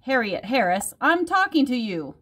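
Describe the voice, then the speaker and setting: A woman voicing a patient mother who scolds her child in a sing-song voice instead of yelling. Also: fairly high pitch, big pitch swings, moderate pace, pitched above the performer's own voice.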